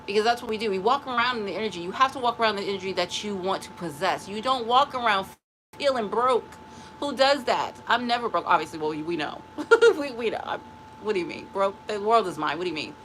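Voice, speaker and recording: A woman's voice: medium pitch, expressive, fast talker, fairly bright tone, slight background noise, low-quality recording. A middle-aged woman hosting a spiritual live stream, giving a blunt, emphatic motivational talk that repeats phrases for stress. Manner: blunt and dismissive.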